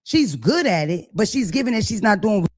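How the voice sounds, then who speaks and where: Very animated and high-pitched, with a darkish tone, this man speaks at a normal speed. As a podcast co-host in a crude, comedic casual conversation, he gossips theatrically and imitates people in mock voices.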